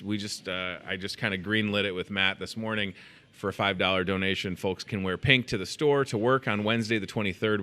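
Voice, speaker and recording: A man's voice: lowish voice, bright, forceful tone. A man hosting a live in-store show, chatting casually in a jokey, rambling, self-deprecating way. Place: inside a grocery store.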